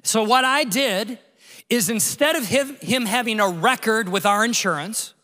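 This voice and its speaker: A man in his forties, a pastor giving a conversational sermon built around a personal story, told in an animated way with the scene acted out. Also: high-pitched, moderate pace, big-room sound. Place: large church hall.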